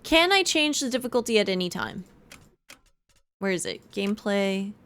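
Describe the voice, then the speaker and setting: Lively woman game streamer. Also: medium pitch, normal speed, smooth. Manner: chatty, reads menu text aloud. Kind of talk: casual live-stream commentary.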